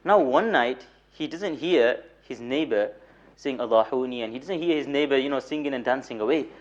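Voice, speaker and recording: A young man lecturing in a mosque as a moulana, telling stories with light humor, repeating words for emphasis and reciting Arabic rapidly. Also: mid-range voice. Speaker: moulana giving a weekly lecture. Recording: dull lo-fi recording.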